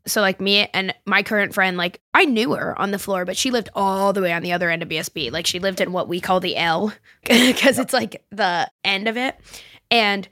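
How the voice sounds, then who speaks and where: A woman's voice: mid-range voice, normal speed, sharp tone, no room sound, clean studio sound. Chatty young woman student. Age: young adult. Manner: chatty, full of "like", giggly. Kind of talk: casual podcast chat.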